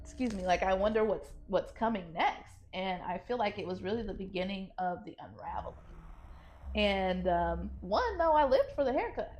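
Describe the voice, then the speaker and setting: A woman co-hosting a casual film review podcast, expressive and quick to quote her own reactions. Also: medium pitch, soft background music. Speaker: podcast co-host.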